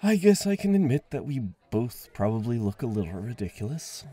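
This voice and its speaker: A man voicing a friendly young man at a party, talking gently and coaxingly with frequent chuckles, in an audio role-play. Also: mid-range voice, sing-song, a little fast. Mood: gentle, teasing.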